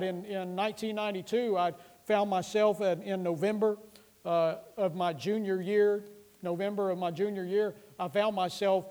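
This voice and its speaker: A middle-aged pastor preaches in a high-pitched voice, pressing his points with repeated phrases and frequent restarts. When he quotes scripture, he lifts his voice and slows into a declaiming cadence. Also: a little mellow. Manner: recites scripture passages in a raised voice. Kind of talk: sermon.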